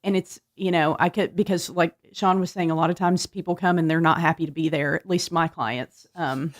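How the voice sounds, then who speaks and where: A woman's voice: fairly low pitch, steady tone, brisk, dry recording, studio quality. A woman guest on a radio talk show, speaking thoughtfully and hesitantly with many fillers. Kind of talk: casual radio chat.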